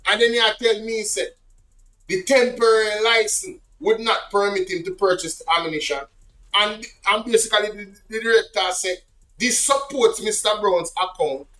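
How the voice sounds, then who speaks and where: A Jamaican man with a high-pitched voice reads an official report aloud for his audience. He keeps stopping to exclaim and comment in Patois, animated and indignant. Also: normal speed, poor audio. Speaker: political commentary host.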